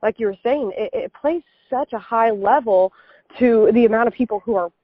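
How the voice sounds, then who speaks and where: An American woman in her twenties, a podcast guest chatting in a lively, quick way. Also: fairly high pitch, dry recording, phone-quality sound. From United States. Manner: lively, laughing, quick talker. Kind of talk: casual conversational chat.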